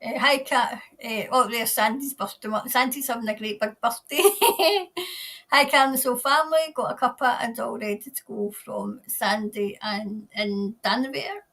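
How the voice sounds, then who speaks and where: A woman's voice: fairly high pitch, normal speed, fairly bright tone. Chatty Scottish woman greeting livestream viewers. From Scotland. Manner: chatty, reads comments aloud, greets viewers by name. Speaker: tarot livestream host reading viewer comments. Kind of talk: casual livestream chat. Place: New Zealand.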